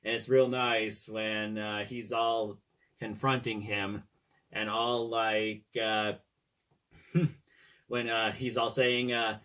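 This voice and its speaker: Rambling male fan commentator, lowish voice, loose and filler-heavy. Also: level tone, takes it slowly, fairly bright tone. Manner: rambling, with many fillers and "he's all like" retellings. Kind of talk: casual fan movie discussion.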